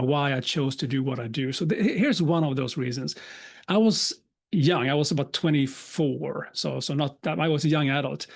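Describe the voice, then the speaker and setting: A man, giving a live talk as a speaker and telling a personal story with humor and quick asides. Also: fairly high pitch, gravelly. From Sweden. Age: 50s. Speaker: keynote speaker.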